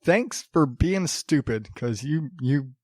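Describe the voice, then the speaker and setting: A man in a home studio hosts his podcast at an unhurried, drawn-out pace. His delivery is sarcastic and rambling, full of restarts and little laughs. The sound is close and dry, with no room around it. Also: fairly high pitch, animated, a little mellow, dry recording. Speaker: podcast host. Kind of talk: casual solo podcast monologue. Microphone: studio podcast mic.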